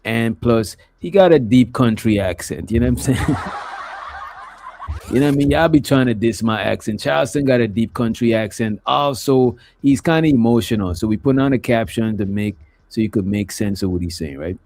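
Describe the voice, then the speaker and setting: Speaking at normal speed, the man has a medium, creaky, slightly mellow voice. He hosts a livestream, offering casual commentary in a rambling, filler-heavy way and often saying "you know what I'm saying."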